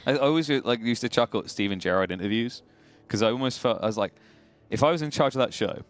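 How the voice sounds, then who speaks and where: A man's voice: medium pitch, fast talker, soft background music. A man casting on an esports live stream, chatting casually in a jokey, rambling way. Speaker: esports caster.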